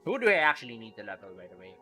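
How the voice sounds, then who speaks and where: A man live-streaming a video game, chatting casually with viewers, excitable and quick to laugh. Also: medium pitch, soft background music.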